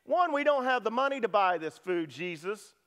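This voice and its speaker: Male pastor, middle-aged, high voice, animated storyteller who drops to a near hush for quiet moments. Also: normal speed. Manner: animated storytelling, acting out disciples' lines, swings loud to hushed. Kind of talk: sermon.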